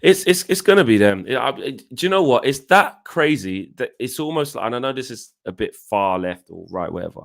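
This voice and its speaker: A man in a casual fan chat who tells stories in an animated way and acts out his own shouting. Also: mid-range voice, fairly quick, gravelly, few pauses. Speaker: co-host of a fan channel.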